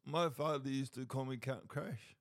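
A man's voice: medium pitch, moderate pace, dry recording, clean studio sound. A man co-hosting a podcast, chatting casually and telling rambling stories with frequent chuckles. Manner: rambling storyteller, chuckles often. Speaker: podcast co-host. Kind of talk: casual chat.

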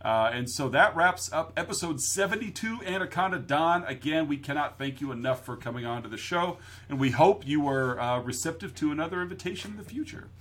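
Male podcast co-host, husky tone, bright, playful, laughs easily. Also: fairly high pitch, animated, brisk, few pauses. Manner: jokey, laughs often, quotes movies. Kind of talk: casual chat.

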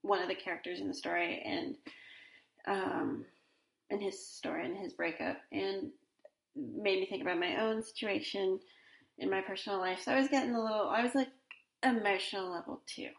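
A woman's voice: medium pitch, normal speed, gravelly, roomy sound. A woman in her forties hosting a solo podcast in a casual, rambling way, with many fillers and restarts. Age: 40s. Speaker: podcast host.

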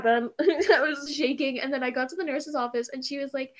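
Fast-talking, swearing teenage girl. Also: high-pitched, a bit bright. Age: teens. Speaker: podcast co-host. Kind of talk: casual chat.

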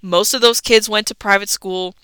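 Young woman podcast host, casual storyteller who swears freely, bright crisp voice, dry close sound. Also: medium pitch, steady tone, moderate pace, no echo, low-quality recording. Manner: chatty and swearing freely, with laughs.

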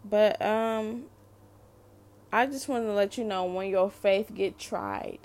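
A woman's voice: mid-range voice, slow pace, a little mellow. A middle-aged mother sharing an unscripted faith testimony, speaking earnestly to listeners and often repeating and restarting her phrases.

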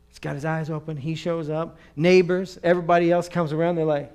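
Gravelly high-voiced preacher, animated. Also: male voice, measured pace, long pauses. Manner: animated, playful, acts out voices and laughs. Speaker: pastor. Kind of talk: sermon.

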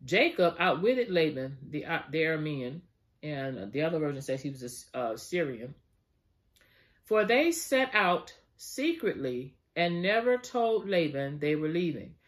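A Bible study teacher works through the scripture verse by verse. Casual asides and small fillers break up the reading. The voice swings widely in pitch. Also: sing-song, a little slow. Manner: conversational asides, frequent fillers.

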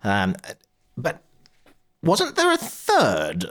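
A man's voice: mid-range voice, huge pitch swings, extremely slow, fairly bright tone, voice pushed up, full character voice. A man voicing a prim female host showing guests to their rooms in a tabletop role-play.

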